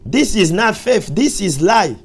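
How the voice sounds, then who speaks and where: A male pastor preaching a sermon, repeating his points with emphasis and dropping to soft, low asides. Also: very animated, a little slow, creaky, breathy edge, faint music behind.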